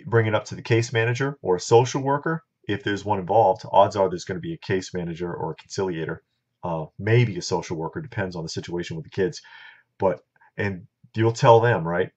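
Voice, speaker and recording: A man's voice: deep voice, fairly quick, darkish tone. A middle-aged man telling a story in a casual, blunt, opinionated monologue, talking straight to his viewers. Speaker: vlogger. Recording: dull lo-fi recording.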